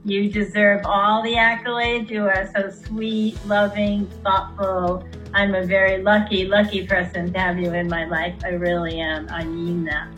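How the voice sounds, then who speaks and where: A woman's voice: medium pitch, level tone, unhurried, fairly bright tone, rough recording. An older woman offers a grateful, affectionate birthday message. Faint music plays behind her voice. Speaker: mother-in-law.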